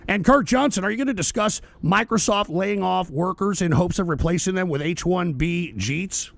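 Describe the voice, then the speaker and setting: A high-voiced male livestream host who rants with wild swings in pitch, swearing and shouting at his audience. His voice is gravelly, recorded close and dry. He breaks off the tirade to thank viewers for their donations. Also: dry recording. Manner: profane, shouting, sarcastic rant; reads viewer donations aloud. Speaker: political talk show host. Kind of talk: livestream rant.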